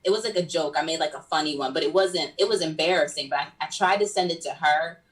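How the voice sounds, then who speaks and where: A woman's voice: sits low, fast talker, distant mic, poor audio. A woman who works as a reporter and media personality, a guest in a casual podcast chat who laughs at herself. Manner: self-deprecating, laughs at herself.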